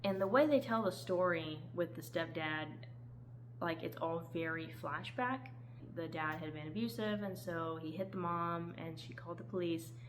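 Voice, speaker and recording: Lower-voiced woman chatting about her book stack, lots of laughs, bit of hum in the background. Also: moderate pace. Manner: chatty, laughs often, animated quoting. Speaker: book reviewer. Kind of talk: casual book review chat.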